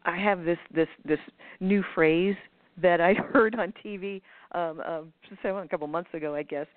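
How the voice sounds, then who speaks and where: A female guest on manifestation talks over a call in a fairly low, steady voice at a moderate pace, with a dry, tinny phone sound. She rambles casually with lots of fillers and false starts, now and then voicing other people in quoted asides.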